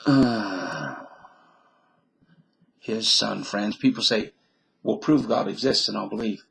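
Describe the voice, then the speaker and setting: A man's voice: lowish voice, slow, creaky, slight background noise, rough recording. A man reading a mathematician's biography aloud who keeps breaking off into wisecracking asides and comments on his own reading.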